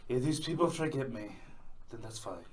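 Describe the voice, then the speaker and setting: A man voicing a humble, gruff male dwarf warrior, with folksy speech full of "me" and "aye", heard from a distance. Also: mid-range voice, expressive, moderate pace, a little mellow, natural voice. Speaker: player. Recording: distant mic, faint room noise.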